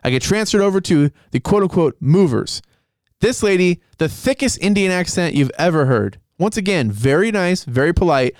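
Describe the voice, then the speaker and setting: A man casually telling a story in an animated, profane way, peppered with "like" and "dude.". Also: sits high, normal speed, dry recording, studio quality. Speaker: storyteller in a podcast chat. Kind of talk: casual chat.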